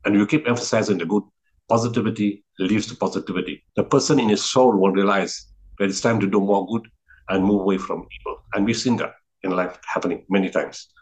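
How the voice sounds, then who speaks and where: The founder of a relief organization, a middle-aged man with a South African accent, reflects on his experiences through stories in an interview. His low-ish voice moves fairly quickly on poor audio, and he is earnest, with frequent restarts and repeated words for emphasis.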